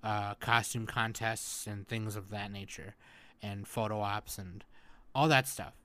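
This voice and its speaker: A man hosting a casual podcast chat, joking around and loudly scolding his co-hosts in jest before getting to the topic. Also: lowish voice, steady tone, unhurried, no room sound. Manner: joking, loud mock scolding. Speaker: podcast host.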